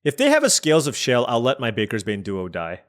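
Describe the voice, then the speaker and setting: A man streaming a card game, talking through his moves in a loose, chatty way. His pitch jumps around a lot as he weighs each play, lively and animated, at a mid pitch. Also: quick pace. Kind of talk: thinking aloud while playing.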